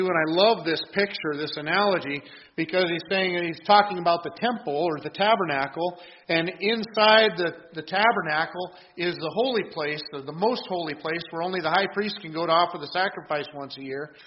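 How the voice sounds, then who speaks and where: A man's voice: a little high, dull audio, slight background noise. A man preaching a conversational sermon, earnest and plain-spoken, teaching with frequent restarts. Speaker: pastor.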